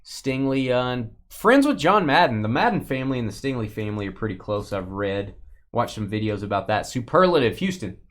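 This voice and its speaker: A man hosting a live sports card break, reading out names and teams in quick bursts and joking with viewers. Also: mid-range voice, big pitch swings.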